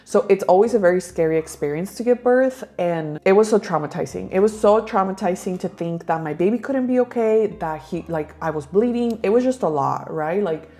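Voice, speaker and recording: A woman's voice: medium pitch, expressive, brisk, few pauses, warm tone. A young woman vlogger telling a personal story to her viewers in a chatty way, calling them "girl" and "you guys" and slipping into Spanish phrases. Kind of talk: casual storytelling to camera.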